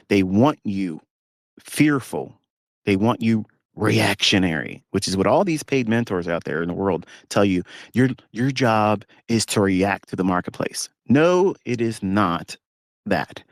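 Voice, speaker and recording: A lower-pitched man talks from inside his parked pickup truck, and the sound is dry and close with no echo. He is a trading mentor, and he rants emphatically and scornfully with mocking asides. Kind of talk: casual monologue to viewers.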